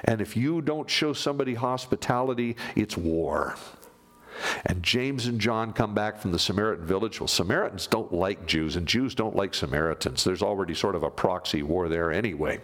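A man preaching a sermon, animated, moving from loud emphasis down to near-whispers. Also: on the low side, normal speed. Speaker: pastor.

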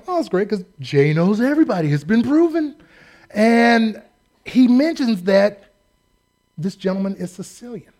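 A pastor delivers a lively, joking sermon in a fairly high male voice. He tells a story from the pulpit and acts out the voices of the people in it.

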